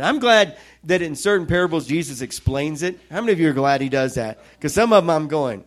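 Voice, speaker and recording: A middle-aged man preaching a sermon, telling stories with lively quoted voices. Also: on the high side, brisk. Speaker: pastor.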